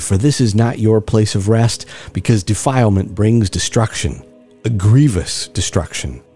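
A man hosting a scripture reading, reading in a measured, solemn way with rising emphasis and leading listeners in prayer. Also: lowish voice, warm tone. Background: faint music.

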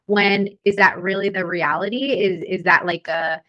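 A young adult woman co-hosting a casual podcast chat, lively, laughing often and talking with many fillers. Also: medium pitch, moderate pace, rough recording. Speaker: podcast co-host.

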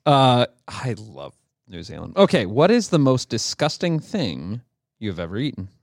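A man's voice: medium pitch, big pitch swings, a little slow, gravelly, dry recording. A male podcast host in casual chat, joking and rambling, his voice rising and falling freely. He is recorded dry and close, with no room sound. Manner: playful, jokey, rambling restarts.

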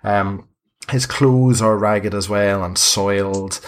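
A man's voice: lowish voice, steady tone, takes it slowly. A man narrating a tabletop game as game master, with frequent hesitations. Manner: hesitant, many fillers and restarts.

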